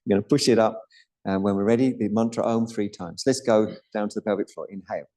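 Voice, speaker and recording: A middle-aged man leads a yoga class in a calm, instructive voice. His voice sits fairly low and sounds mellow and warm. He explains each step of the practice at an unhurried pace. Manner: calm, instructive, with Sanskrit terms and soft asides. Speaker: yoga teacher. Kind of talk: guiding a live yoga class.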